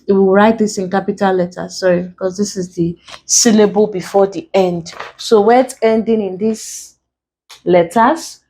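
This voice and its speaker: A woman's voice: mid-range voice, dark tone, a little hiss or hum, rough recording. A woman from Nigeria teaching an exam-prep English lesson, spelling out letters one by one and explaining each step. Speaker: English tutor.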